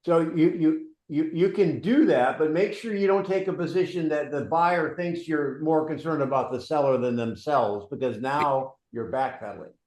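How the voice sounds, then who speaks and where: A man hosting a real estate coaching session, brisk and directive, steering the discussion. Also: fairly high pitch, darkish tone, roomy sound, rough recording. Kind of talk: coaching a live training session.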